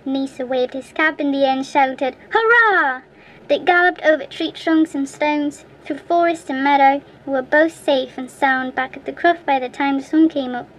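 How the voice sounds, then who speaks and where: A woman reading a fairy tale aloud as an audiobook narrator in a clear, steady way. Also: high-pitched, moderate pace, few pauses, a little hiss or hum, rough recording. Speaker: audiobook reader. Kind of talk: storybook narration.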